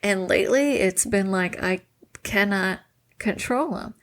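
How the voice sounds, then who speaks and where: A woman's voice: medium pitch, measured pace, fairly bright tone. A woman in her forties co-hosting a casual podcast, talking candidly and laughing often. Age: 40s. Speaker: podcast co-host. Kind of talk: casual chat.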